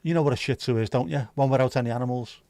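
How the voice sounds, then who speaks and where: A man's voice: medium pitch, very fast, very noisy. A man hosting a livestream, chatting casually with viewers and teasing them. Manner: joking, teasing, chatty banter. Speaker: livestream host.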